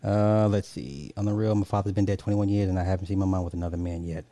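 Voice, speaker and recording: A male live streamer talks loosely to his viewers, reading comments and launching into animated rants. He laughs often and swears without a second thought. His voice is warm and mellow, and it sounds dry and close. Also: deep voice, fast talker, dry recording.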